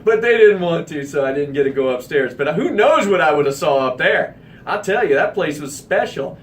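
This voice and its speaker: A man from the American Midwest hosting a radio talk show, telling an anecdote in an animated, emphatic way. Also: on the high side, moderate pace, far from the mic, a little hiss or hum. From Midwestern United States.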